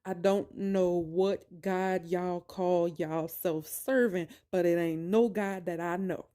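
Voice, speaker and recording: A woman vlogger speaks directly to camera, telling her own story at a slow, deliberate pace in a lowish voice with fairly even intonation. She drives her points home emphatically, almost preachily, addressing viewers directly, then slips into softer, hesitant passages full of ums.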